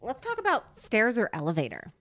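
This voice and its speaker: A woman's voice: on the high side, brisk. A woman in her thirties co-hosting a podcast in casual chat, talking animatedly, laughing often and acting out her stories. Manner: animated, laughing, gestures with whole body. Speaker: podcast co-host.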